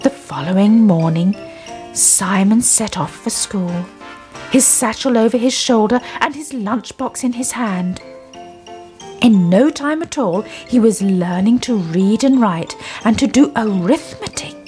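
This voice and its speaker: Storyteller: woman, lively sing-song reading, unhurried. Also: medium pitch, faint music behind.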